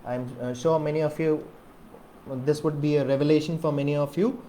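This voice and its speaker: A man's voice: fairly high pitch, fairly even intonation, a little fast, warm tone, slight background noise. Man teaching grammar, lots of okays. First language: Malayalam. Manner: explains with repeated okays and rhetorical questions. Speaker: English teacher. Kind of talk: grammar lesson to camera.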